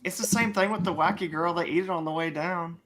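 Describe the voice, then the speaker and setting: A man hosting a casual chat about bass fishing, upbeat and joking with his guests. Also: fairly even intonation, quick pace, a bit bright. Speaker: host.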